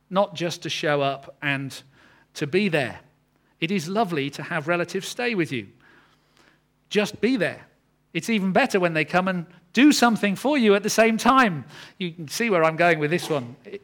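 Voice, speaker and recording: A man with a slightly higher voice delivers a morning sermon. He teaches earnestly and slows down to stress the key words. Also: fairly bright tone. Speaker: pastor.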